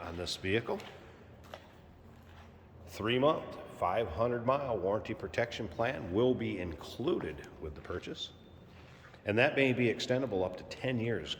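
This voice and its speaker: Car salesman, male, low voice, easygoing walkaround pitch, long reverb from a big room. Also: a little hiss or hum. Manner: relaxed, plainspoken, repeats key points.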